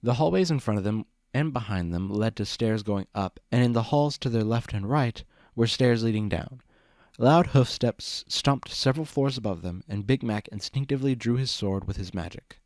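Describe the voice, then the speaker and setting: A man reading a fan fiction story aloud, with steady narration. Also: medium pitch, moderate pace, no room sound, studio quality. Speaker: reader.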